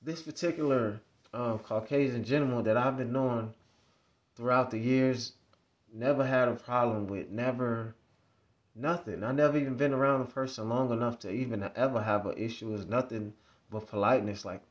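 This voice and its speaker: A man's voice: medium pitch, fairly even intonation, moderate pace. Man rambling through a casual story. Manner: rambling, repetitive, conversational. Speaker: vlogger.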